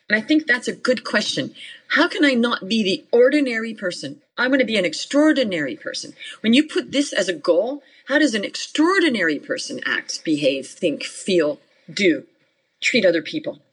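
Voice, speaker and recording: A woman's voice: a little high, very animated, moderate pace, husky, poor audio. A middle-aged woman business coach, a podcast guest, talking in an emphatic, matter-of-fact way in short, punchy commands. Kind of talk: motivational interview talk.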